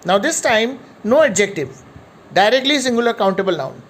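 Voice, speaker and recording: A woman's voice: fairly high pitch, expressive, slight background noise. Woman teaching grammar, patient and emphatic. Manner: patient, emphatic, repeats examples slowly. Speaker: English teacher. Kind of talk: grammar lesson explaining slides.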